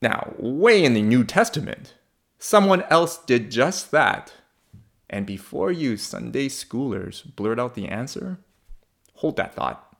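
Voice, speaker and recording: A man's voice: medium pitch, sing-song, takes it slowly, creaky, a bit bright. A man preaching a sermon in a conversational, humorous way, asking the congregation questions.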